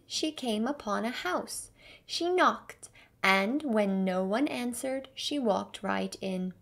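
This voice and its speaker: A woman reading a fairy tale aloud slowly and carefully for English learners. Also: mid-range voice. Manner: clear, careful storybook reading. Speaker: English teacher reading a story.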